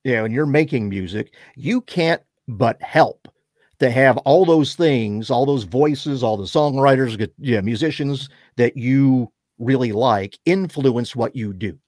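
A man hosting an interview, easygoing, with short backchannels and halting questions. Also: medium pitch, darkish tone, no room sound, clean studio sound. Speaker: host. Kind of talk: casual interview chat.

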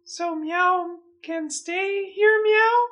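A man's voice: extremely high pitch, very slow, sharp tone, faint music behind, pitched above the performer's own voice, heavily acted. A man doing a whiny, meowing puppet cat lady. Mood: pleading. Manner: works meows into every sentence. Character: insecure female puppet cat, whiny, meows constantly.

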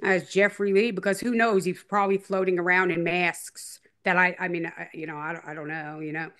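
A woman's voice: on the low side, steady tone, fairly quick, a bit bright. Rambling woman guest teasing playfully. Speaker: interview guest telling her story. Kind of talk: casual on-camera interview.

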